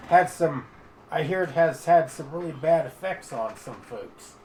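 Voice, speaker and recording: A man voicing a smooth, secretive male adventurer on a mission in a tabletop game. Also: lively intonation, a little slow, a little mellow, slight background noise, poor audio. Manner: smooth, low-key and secretive.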